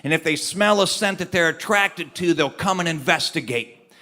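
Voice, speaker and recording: A man voicing a grave boy camper who explains things slowly and seriously in a hushed voice. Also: fairly high pitch, voice pushed down. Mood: deadpan. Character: grave, deadpan boy camper lecturing about skunks.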